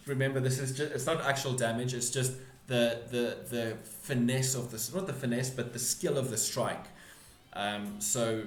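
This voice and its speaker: Halting male game master, echoey room. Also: medium pitch, steady tone, soft background music. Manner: halting, full of restarts and self-corrections. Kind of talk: narrating a tabletop game.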